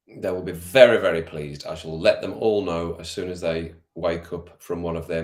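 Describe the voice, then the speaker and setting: A man's voice: deep voice, steady tone, moderate pace. A man hosting a casual football watch-along stream, chatting with viewers by name and laughing often. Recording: roomy echo.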